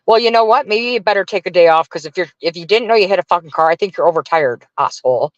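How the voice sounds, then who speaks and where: A fed-up man vents to his livestream chat, dropping curses and grumbling in a somewhat high voice. The sound is dry and close, with no room around it. The audio is a bit dull and lo-fi. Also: quick pace, no echo. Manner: profane, exasperated ranting. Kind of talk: casual venting to viewers.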